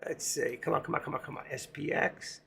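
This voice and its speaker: A hoarse man hosting a live trading stream, rambling casually to himself and his viewers as he works through charts. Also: a little high, steady tone, brisk, pushed and bright, a little hiss or hum. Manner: rambling, talks to himself while working charts. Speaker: livestream trading host.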